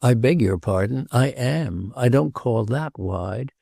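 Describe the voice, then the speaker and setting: A man's voice: medium pitch, animated, slow, vocal fry, warm tone, husky, no echo, clean studio sound, exaggerated voice. A man voicing a blunt Northern English young man. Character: blunt young working man, plain-spoken radical. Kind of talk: audiobook character reading.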